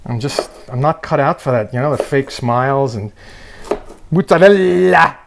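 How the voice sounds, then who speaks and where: A cooking show host wisecracks and ribs his viewers while demonstrating a dish in a kitchen, all played for comedy. His voice is mid-range, his speed normal, and there's noise in the background.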